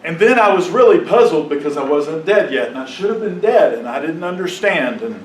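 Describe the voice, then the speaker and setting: A man giving a personal testimony to a congregation, telling his story with emotion, sometimes dropping to a hushed, halting voice and sometimes rising to impassioned outbursts. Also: a little high, lively intonation, slight background noise. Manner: drops to a hushed, halting voice at painful moments. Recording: echoey room, mic at a distance.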